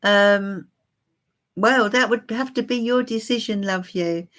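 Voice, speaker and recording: A woman's voice: medium pitch, takes it slowly, fairly bright tone. A woman giving a live-stream tarot reading for viewers, musing and hesitant with many fillers. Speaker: tarot reader.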